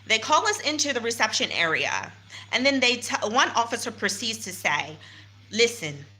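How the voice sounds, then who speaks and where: A woman's voice: on the high side, very animated, moderate pace, pushed and bright. An American woman telling her followers what happened, indignant and emphatic, repeating phrases to drive the point home, filming on a handheld phone. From United States. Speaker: vlogger. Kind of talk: personal vlog recounting events to followers. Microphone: handheld phone without stabilizer.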